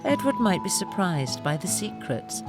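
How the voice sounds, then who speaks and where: A woman narrating her own documentary in a calm, personal storytelling way. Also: lowish voice, normal speed. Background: music.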